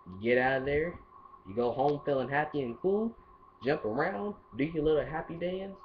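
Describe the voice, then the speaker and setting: A man's voice: on the high side, moderate pace. A man giving casual dating advice in a rambling, playful monologue full of asides. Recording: dull lo-fi audio with faint hiss.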